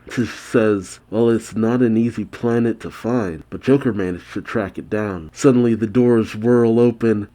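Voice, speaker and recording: Young guy reading manga out loud for a reaction vid, lowish mellow voice, keeps stopping to go "oh, really?". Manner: reads the dialogue plainly, breaking off for quick surprised asides.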